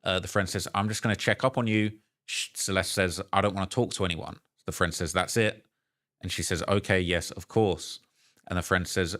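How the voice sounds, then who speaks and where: Deep-voiced man reading messages aloud. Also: steady tone, fairly quick, fairly bright tone, dry recording, clean studio sound. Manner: reads messages aloud, hesitant with fillers and restarts. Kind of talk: commentary video narration.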